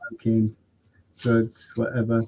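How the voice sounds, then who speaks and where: A man hosting an interview, relaxed and agreeable, with frequent short backchannels. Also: medium pitch, takes it slowly, slight background noise, rough recording. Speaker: podcast host. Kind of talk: casual interview chat.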